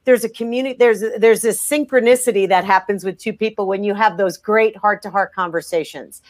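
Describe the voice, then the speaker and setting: A woman talking in a podcast interview, emphatic and energetic, often restarting her sentences. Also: medium pitch, a little fast. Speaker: guest.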